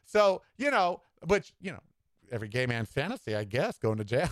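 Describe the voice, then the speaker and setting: Very animated and talking at normal speed, this podcast host offers campy asides within a sassy, opinionated solo rant. Dramatic swings in pitch and tempo mark his delivery, captured in a dry recording.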